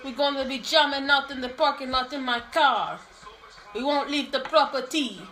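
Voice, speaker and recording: A woman voicing an easygoing tropical cousin in a put-on Jamaican accent, slow and laughing. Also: high voice, sharp tone. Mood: playful. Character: laid-back tropical cousin, easygoing joker.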